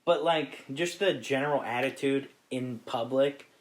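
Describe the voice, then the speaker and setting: A man's voice: mid-range voice, unhurried. Laid-back swearing man from Ohio. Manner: laid-back, swears freely, laughs often. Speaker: podcast guest. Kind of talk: casual chat.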